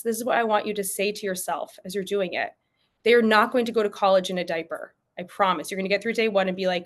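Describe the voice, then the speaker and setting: A young adult woman talks through potty-training advice in a loose, chatty way, full of "like" and asides. She keeps jumping into quick, playful voices for parents and toddlers. It sounds like a video call. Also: mid-range voice. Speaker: pediatric sleep and potty training expert. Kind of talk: presenting tips at a virtual event.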